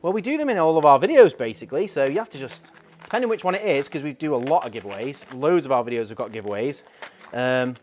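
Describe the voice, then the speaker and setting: A man's voice: medium pitch, expressive, fast talker, slight background noise. A man hosting a casual live stream, chatting in a rambling way and reading out viewer comments.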